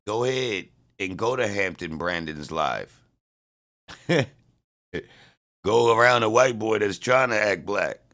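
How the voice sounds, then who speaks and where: A man's voice: on the low side, fairly bright tone. A man, trash-talking and mocking his chat viewers during a casual livestream rant.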